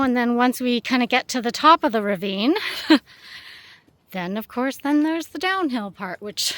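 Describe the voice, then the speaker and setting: A woman's voice: high voice, no echo. A young adult woman walking dogs, chatting casually and out of breath as she climbs a steep outdoor ravine trail. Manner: chatty and rambling, laughs easily. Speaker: dog walker. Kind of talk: casual vlog chat while hiking.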